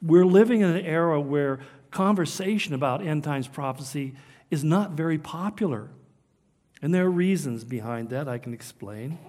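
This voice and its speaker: A man's voice: on the high side, moderate pace, a little mellow. An older man from Southern California giving an earnest, emphatic sermon, his delivery rising and falling. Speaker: preacher. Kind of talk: sermon on prophecy.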